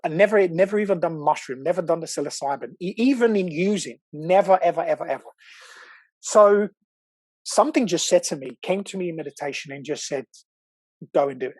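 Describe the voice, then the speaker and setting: Excitable man with a husky voice. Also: fairly high pitch, a little fast, no echo. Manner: animated, excitable, swears, acts out quotes. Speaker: podcast guest. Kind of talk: casual storytelling chat.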